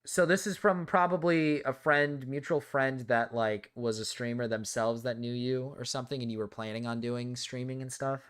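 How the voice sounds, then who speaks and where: A man's voice: mid-range voice, fairly even intonation, normal speed, hardly any pauses, clean tone. A man streaming a casual reaction, reading long passages aloud and breaking off with baffled, incredulous remarks. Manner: reads quotes aloud, interrupts with incredulous remarks, bursts of loud laughter.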